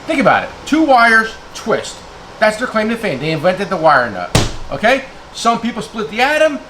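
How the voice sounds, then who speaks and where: A New Jersey tool dealer rants heatedly to camera, his high voice swooping wildly in pitch at a moderate pace over background noise. He's blunt and calls people names, asking his viewers "okay?" over and over.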